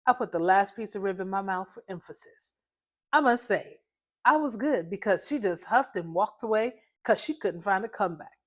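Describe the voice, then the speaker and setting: A woman reading her own short story aloud, narrating in first person with a lively, conversational delivery. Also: mid-range voice, normal speed.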